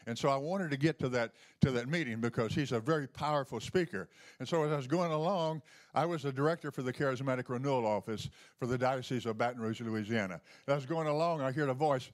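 A man's voice: medium pitch, moderate pace. A man giving a testimony sermon as a lay healing minister, telling folksy stories with chuckles and many fillers.

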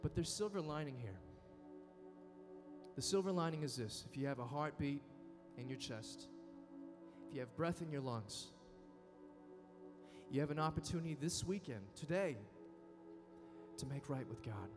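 Lively male youth preacher with a high voice; large reverberant hall. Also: moderate pace, pauses often. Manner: dynamic, acts out inner voices. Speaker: youth conference speaker. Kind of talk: sermon. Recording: reverberant hall with soft music.

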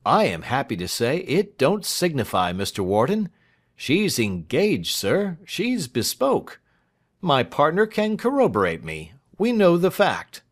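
A shrewd, whimsical lawyer with a dry wit, fires off high, eager questions, as a man puts him on. The voice climbs well above the narrator's own and swings up and down with lively energy. It is paced in a slow, deliberate storybook reading. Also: exaggerated voice. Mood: relieved.

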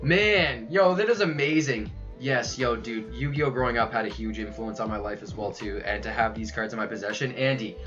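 A young man livestreaming a card unboxing, excitable and loud, saying yo over and over and laughing as he goes. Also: mid-range voice, normal speed, hardly any pauses, lo-fi sound, soft background music. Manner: hyped, keeps saying yo, yells and laughs. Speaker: streamer unboxing trading cards. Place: his room at home.

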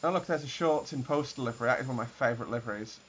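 A man's voice: medium pitch, rapid-fire, a bit bright, a little hiss or hum. A young man chatting casually through a flight simulator session, rambling and explaining as he goes. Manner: chatty, rambling, laughs, restarts a lot. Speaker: flight sim streamer. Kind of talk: casual gameplay commentary.

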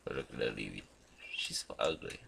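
A man hosting a gaming channel, chatting casually and rambling as he plays, swearing often and breaking into sudden loud outbursts. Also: extremely low pitch, lively intonation, a little fast, gravelly, noisy background. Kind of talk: casual commentary while playing a chatbot.

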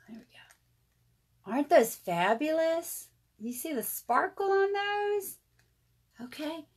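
Chatty woman selling jewelry live. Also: fairly high pitch. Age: 30s. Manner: chatty, addresses viewers as y'all. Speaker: jewelry seller hosting a live sale. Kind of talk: casual live sales chat.

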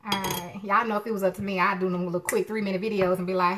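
A woman's voice: medium pitch, flat delivery, a little fast, pauses often, very noisy. Chatty woman cooking live. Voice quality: distinctive voice others call unusual. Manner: chatty, folksy, laughs often, greets viewers by name. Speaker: cooking show host.

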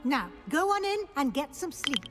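A brisk, kindly professor. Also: female voice, sits high, sing-song, loud music behind the voice. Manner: measured, instructive. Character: stern yet kindly female school professor.

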